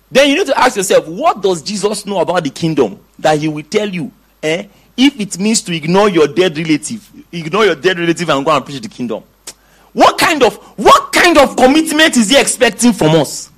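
Animated high-voiced preacher man. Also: a little fast, husky. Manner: animated preaching, reads scripture aloud, asks the congregation questions. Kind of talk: sermon.

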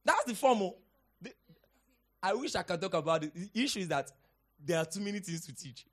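A high-pitched male preacher delivering a sermon. He drops to quiet, intimate teaching, then bursts into shouted exhortation. He recites scripture in dramatic, old-fashioned wording. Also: expressive, brisk. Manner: dramatic archaic scripture quoting. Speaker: pastor.

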